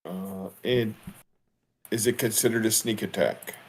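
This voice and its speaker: A man's voice: on the low side, fairly even intonation, a little slow, noisy background. A man playing a tabletop game, talking matter-of-factly as he works out his rolls. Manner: matter-of-fact, working out dice rolls. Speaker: player. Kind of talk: casual chat.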